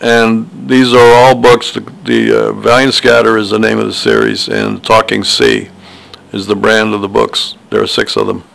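A man's voice: on the low side, flat delivery, moderate pace, vocal fry, fairly bright tone, low-quality recording. An older man, an author, telling personal stories in a meandering, hesitant monologue full of fillers and restarts. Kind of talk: rambling personal storytelling monologue.

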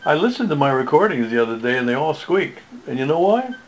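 A man's voice: on the high side, sing-song, fast, slight background noise, poor audio. A man in his seventies talking in a rambling, casual monologue, full of jokes at his own expense and wandering asides. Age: 70s. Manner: joking, self-mocking, wandering asides.

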